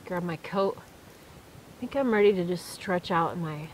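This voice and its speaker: A woman's voice: lowish voice, animated, unhurried, a little hiss or hum, poor audio. A woman vlogger telling a story casually to her viewers while camping alone in the woods at night, chatty, with restarts and fillers. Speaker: vlogger on a solo camping trip. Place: woods at night, at a debris shelter.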